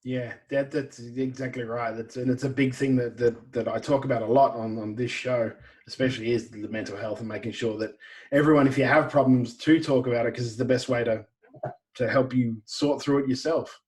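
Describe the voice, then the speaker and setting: An Australian man hosting a podcast, asking casual, rambling questions in a relaxed conversational way. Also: medium pitch, brisk. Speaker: podcast host. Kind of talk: podcast interview.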